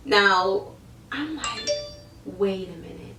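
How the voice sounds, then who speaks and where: A woman in her thirties telling a story to camera in a casual, animated way, acting out her own reactions. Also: mid-range voice, takes it slowly. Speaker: hair seller vlogger. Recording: roomy, mic at a distance.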